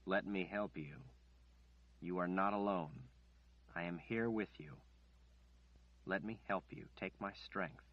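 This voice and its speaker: A man playing a desperate young man who pleads urgently and insistently, then low and calm. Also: takes it slowly, highs cut off. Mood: calm, pleading. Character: desperate young man calling a woman back.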